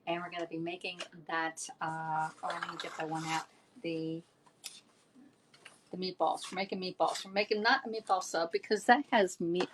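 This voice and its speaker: Woman, casual home cooking host, rambling and self-amused, lowish voice. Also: slight background noise. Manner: chatty, rambling, laughs at herself. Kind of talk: casual cooking demo chat.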